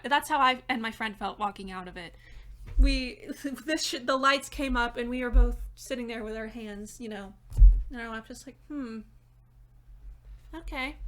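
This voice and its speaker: Young woman ranting about a show, kinda high voice, bright, laughy and animated. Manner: chatty and animated, laughing between points. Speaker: theater critic and dramaturg. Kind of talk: casual video review. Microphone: reading notes off-camera.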